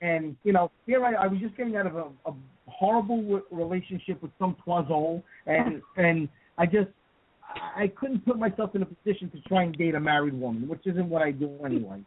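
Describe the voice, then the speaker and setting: A man's voice: high-pitched, brisk. A man hosting a paranormal radio show, telling a personal story casually with lots of fillers and restarts. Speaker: host. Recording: dry, tinny phone-like line.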